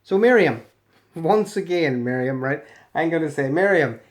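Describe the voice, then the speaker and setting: A man's voice: on the high side, lively intonation, moderate pace. A British man giving sarcastic, swearing commentary on comments he reads aloud in mocking voices. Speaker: video commentator.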